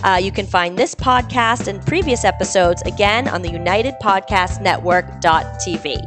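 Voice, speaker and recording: A woman's voice: mid-range voice, moderate pace. Upbeat woman podcast host over music. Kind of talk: casual chat and sign-off. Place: podcast studio.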